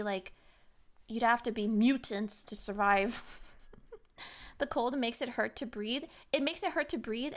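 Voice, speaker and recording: Young woman, streamer, casual chat, animated, slightly high voice. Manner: chatty, animated, acts out quoted people.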